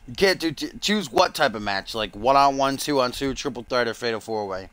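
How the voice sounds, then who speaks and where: A man's voice: mid-range voice, expressive, normal speed, fairly bright tone, clear, resonant tone, dry recording. A man streaming live, doing playful mock-broadcast play-by-play commentary on a wrestling video game, with the odd swear.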